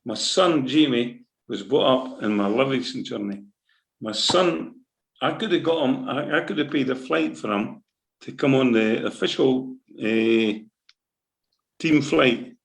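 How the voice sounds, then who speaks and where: A middle-aged man with a Scottish accent speaks in an emotional, animated interview. His voice is gravelly, and he keeps circling back with "right?" and "eh?" as he tells his stories. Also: medium pitch, unhurried, rough recording. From Scotland. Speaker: football manager.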